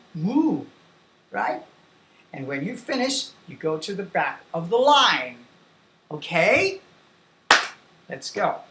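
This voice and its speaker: A woman teaching a demo English lesson for young children, singing slowly and giving simple classroom instructions. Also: on the low side, fairly bright tone, reverberant.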